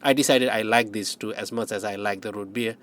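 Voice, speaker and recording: A man narrating an audiobook in first person, wry and measured. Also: lowish voice, steady tone, a bit bright.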